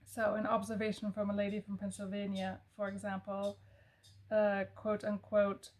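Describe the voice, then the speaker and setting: A woman casually talking through a history book she recommends, thoughtful and musing, pausing with fillers and correcting herself. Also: mid-range voice, completely flat delivery, a little mellow. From American South family. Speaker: book reviewer.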